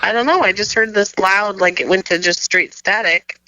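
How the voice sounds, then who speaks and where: Easygoing man with a bright voice. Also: sits high, normal speed, dry recording, highs cut off. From Colorado. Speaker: podcast co-host. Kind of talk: casual chat.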